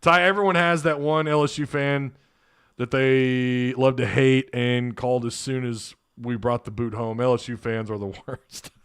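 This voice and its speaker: A man's voice: medium pitch, level tone, normal speed, a bit bright, smooth, dry recording. A man hosting a casual sports live stream, reading out viewer comments, joking and laughing as he talks. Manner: laughing, joking, thinking aloud.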